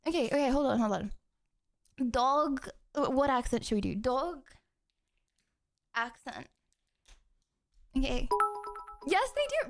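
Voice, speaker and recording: A young woman streamer chatting casually with her viewers in an excitable, giggly, rambling way. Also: sits high. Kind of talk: casual live-stream chat.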